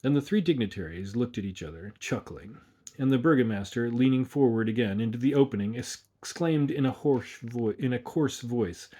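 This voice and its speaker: Brief: husky male narrator, measured storybook reading, mid pitch. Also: dark tone.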